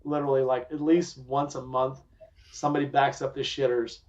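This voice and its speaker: A man hosting a podcast, telling a story in casual chat, profane and animated, acting out what people said. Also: medium pitch, a little fast. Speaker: podcast host. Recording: dull lo-fi sound.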